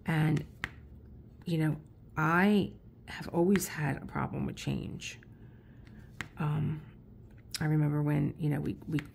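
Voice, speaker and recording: A woman's voice: sits low, creaky, darkish tone, slight background noise. A middle-aged woman hosting her own channel, chatting casually in a rambling, storytelling way while she works on an art project. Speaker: artist and channel host. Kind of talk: casual chat while working on a craft project.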